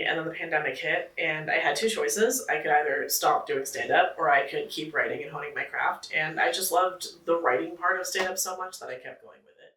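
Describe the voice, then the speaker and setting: A woman's voice: sits low, pushed and bright. A woman, a comedy producer and stand-up comedian, giving reflective interview answers with frequent fillers and restarts. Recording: echoey room, mic at a distance.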